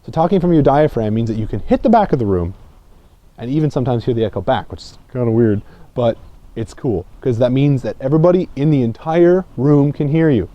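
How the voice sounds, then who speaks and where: A man giving a casual public speaking lesson, talking conversationally and often checking in with "okay?", dropping low and quiet to make a point. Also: animated, brisk. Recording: slightly dull lo-fi sound.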